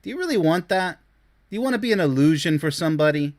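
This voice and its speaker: A man's voice: a little high, animated, fast talker. A man giving blunt, scornful reaction commentary on dating posts as a relationship commentator, lecturing his listeners.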